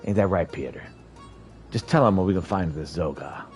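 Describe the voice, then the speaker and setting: A man's voice: deep voice, normal speed, faint music behind, lightly acted. A man voicing a brash, blunt warrior woman in a game, scolding in folksy slang. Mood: scornful.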